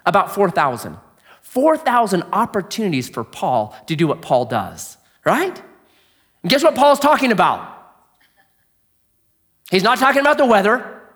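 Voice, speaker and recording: A male pastor delivers an animated sermon in a fairly high voice that rises and falls widely. He quizzes the congregation and sinks into a quiet hush when he drives a point home. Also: moderate pace, long pauses. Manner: animated storyteller, asks the audience questions, drops to a hush for emphasis.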